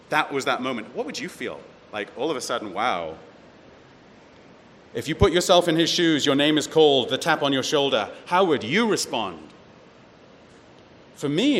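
Male preacher, slightly high voice, expository Bible teaching with rhetorical questions, recorded in a reverberant hall. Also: a bit bright. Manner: expository, reads verses then explains, rhetorical questions. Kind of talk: sermon-style Bible teaching. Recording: echoey hall with faint ambient noise.

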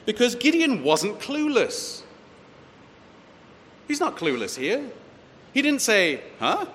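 A man's voice: high-pitched, big pitch swings, takes it slowly, a bit bright. A man preaching to a Bible class, reading verses aloud and explaining them with rhetorical questions. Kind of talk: sermon-style Bible teaching. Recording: echoey hall with faint ambient noise.

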